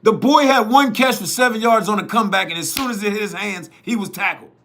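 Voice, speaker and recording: Man, high voice, youth football media host, blunt emphatic monologue, repetitive, profane. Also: fast, bright, forceful tone. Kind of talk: opinionated monologue to viewers.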